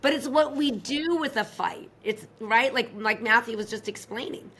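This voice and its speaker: A woman's voice: a little high, normal speed, a bit bright, a little hiss or hum. A woman, a relationship expert guest, talking expressively in an interview and acting out quoted lines. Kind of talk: animated interview talk.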